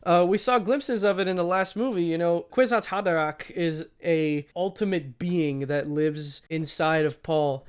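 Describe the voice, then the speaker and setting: A man's voice: a little high, clean tone. A man co-hosting a film review podcast, chatting casually, laughing often and wandering into asides. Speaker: podcast co-host.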